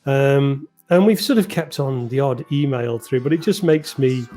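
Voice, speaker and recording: A man's voice: mid-range voice, moderate pace, dark tone, soft background music. A middle-aged English man, a guest musician, telling stories in a chatty, self-deprecating way during a casual interview. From England. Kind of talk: casual video-call chat.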